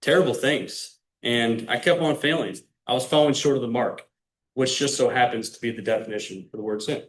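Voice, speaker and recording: A young man from Illinois, a guest speaker, tells his faith story in a casual, earnest talk and speaks straight to the audience. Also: mid-range voice. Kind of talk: personal faith testimony speech. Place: club meeting room.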